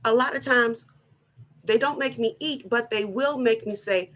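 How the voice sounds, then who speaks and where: A middle-aged woman giving a personal motivational talk, slow, earnest and deliberate, often repeating her phrasing. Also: on the high side, fairly bright tone. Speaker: wellness vlogger.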